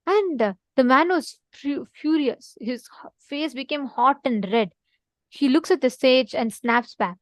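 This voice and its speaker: Earnest high-voiced woman giving a spiritual talk. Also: unhurried, no echo. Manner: earnest, repetitive, prompts listeners to respond. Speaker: spiritual teacher in an online session. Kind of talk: spiritual talk to an online audience.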